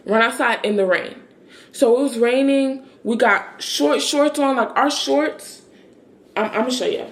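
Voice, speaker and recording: Young woman vlogger doing a storytime, kinda gravelly voice, chatty and animated. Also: high-pitched, measured pace. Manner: chatty, animated retelling with many fillers and quoted dialogue. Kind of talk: casual storytime.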